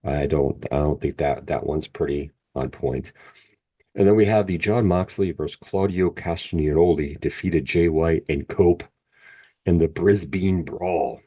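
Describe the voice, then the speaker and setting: A middle-aged man co-hosting a podcast, reading out match results and rating them in a halting, plain-spoken way. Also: extremely low pitch, dark tone, husky. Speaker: podcast co-host. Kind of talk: casual wrestling chat, reading results.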